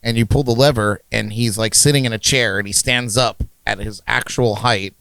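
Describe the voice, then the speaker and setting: A man's voice: fairly low pitch, fairly even intonation, normal speed, a bit bright, clear, resonant tone, no echo. Male podcast host, casual chat, rambling, laughs a lot, dry close mic. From United States. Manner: rambling, laughs often, many fillers.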